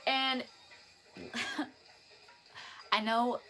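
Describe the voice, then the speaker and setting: A teenage girl telling a storytime vlog to a phone camera, chatty and animated, with restarts and giggles. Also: on the high side, takes it slowly, faint music behind. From northern Virginia, US. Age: teens. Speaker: vlogger.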